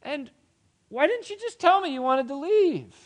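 A man voicing a furious, indignant older father-in-law with loud, theatrical outrage. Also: very high voice, animated, unhurried, voice pushed up. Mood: outraged.

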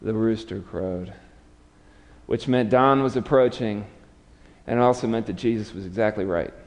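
In a big-sounding room, a pastor with a lowish voice preaches at a moderate pace. He tells the story with drama, raising his voice as he acts out what its people say.

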